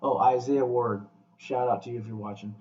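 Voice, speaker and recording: A man hosting a podcast, talking casually in a blunt, profane, animated pep-talk way. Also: mid-range voice, moderate pace. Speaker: podcast host. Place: room with guests. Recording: echoey, distant, muffled room mic.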